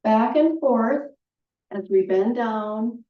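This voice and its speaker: A woman leading a qigong movement class, calmly cueing each breath with chatty asides. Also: on the high side, slow pace. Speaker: qigong instructor. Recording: roomy, distant, dull audio.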